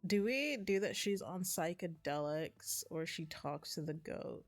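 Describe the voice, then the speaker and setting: A woman's voice: on the low side, animated, a little slow, faint music behind. A woman streaming a game, reading the dialogue aloud between chatty asides. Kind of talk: casual gameplay commentary.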